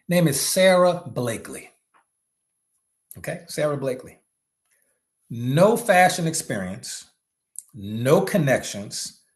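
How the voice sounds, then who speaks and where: A man giving a motivational leadership talk to network marketers, animated and preachy, with slangy asides and sudden shouts. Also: medium pitch.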